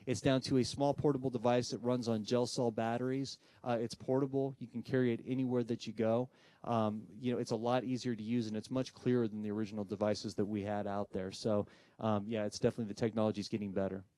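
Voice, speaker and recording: Fast-talking man giving a live talk. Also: mid-range voice, no echo. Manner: animated storyteller who acts out voices in quoted dialogue. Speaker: presenter giving a talk on spirit communication. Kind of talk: live presentation storytelling to an audience.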